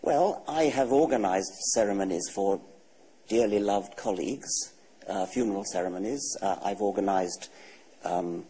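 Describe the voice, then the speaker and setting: A man in his sixties with an English accent, a guest author answering questions in a TV studio interview in a measured, dry, matter-of-fact way. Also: lowish voice, mellow, breathy edge, low-quality recording. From England. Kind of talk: TV talk show interview.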